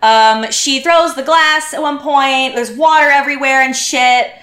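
Podcast guest, woman, higher voice, animated storyteller, roomy echo. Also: a little slow. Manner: animated, acts out what people said. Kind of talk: casual storytelling chat.

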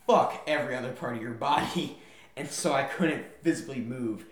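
A young man co-hosting a podcast, telling a story in casual chat and acting out quotes with sudden loud yelps. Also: mid-range voice, a little fast. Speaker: podcast co-host. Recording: echoey room.

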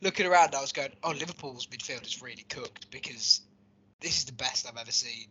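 A man's voice: medium pitch, fairly quick, pushed and bright, a little hiss or hum. A man hosting a casual football chat, reading out rankings and joking as he rambles. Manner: jokey, rambling, reads out rankings. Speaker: podcast host. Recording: lo-fi recording.

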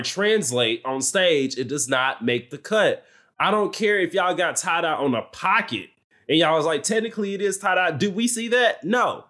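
A man's voice: on the high side, a bit bright. A man co-hosting a reality TV recap podcast, ranting heatedly with lots of swearing and blunt repetition. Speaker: podcast co-host.

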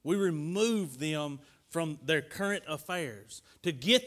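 A middle-aged man preaching a sermon in a folksy, emphatic way, swinging from loud urging to quiet storytelling. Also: a little high, lively intonation, slow, few pauses. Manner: emphatic, rising and dropping, sometimes near shouting.

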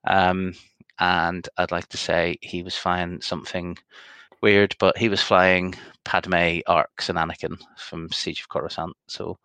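Brief: male co-host, low gravelly voice, dry close sound, rambling casual delivery. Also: little pitch movement, measured pace, pushed and bright, dry recording. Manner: rambling, many ums, reads out results. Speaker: podcast co-host. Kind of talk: casual chat.

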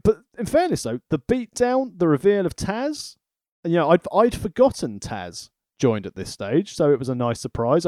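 A man's voice: fairly high pitch, mellow, no echo, studio quality. A man hosting a podcast, giving a sweary, analytical recap in casual chat. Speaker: podcast host.

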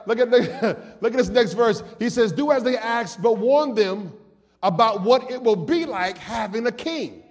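A man preaching a sermon as pastor, with call-and-response and sung, shouted peaks that drop to quiet asides. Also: very high voice, lively intonation, normal speed, big-room sound.

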